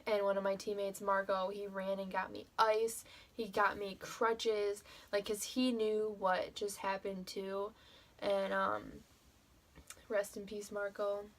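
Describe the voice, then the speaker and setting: A woman's voice: mid-range voice, monotone, slow. A young woman telling a personal story to the camera in a casual vlog, emotional and full of fillers, with frequent swearing. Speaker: vlogger.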